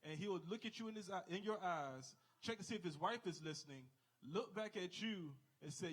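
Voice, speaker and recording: A man's voice: high-pitched, lively intonation, moderate pace, breathy edge, low-quality recording. A man in his thirties doing a live stand-up set on a club stage, chatty and rambling, checking in with the crowd. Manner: conversational, rambling asides, crowd questions. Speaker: stand-up comic.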